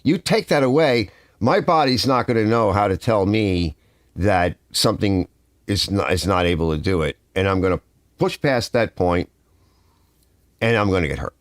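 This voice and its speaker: A man's voice: fairly low pitch, moderate pace, dry recording, clean studio sound. Older man rambling on a live stream. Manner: rambling, animated storytelling. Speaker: livestream host. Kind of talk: casual live-stream chat. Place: home garage.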